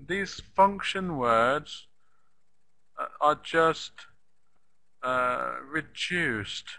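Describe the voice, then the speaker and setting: Guy teaching online, slow and patient, kinda high bright voice, repeats sentences a lot. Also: rough recording. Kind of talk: live online pronunciation lesson.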